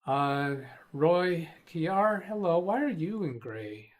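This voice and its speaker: This is a man hosting a casual live stream. His voice sits slightly higher than most men's, and he rambles along as he reads viewers' chat messages aloud and responds to them. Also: lively intonation, slow pace. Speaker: host of a live tech stream.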